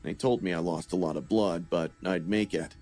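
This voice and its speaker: A man giving a scripted first-person horror narration in a steady, grim storytelling manner. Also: low voice, moderate pace, faint music behind.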